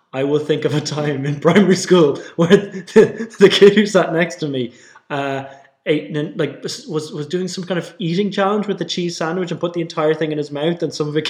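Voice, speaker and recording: A man's voice: on the high side, darkish tone. Chatty man in an echoey room. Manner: frequent agreeing "yeah"s. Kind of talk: casual chat.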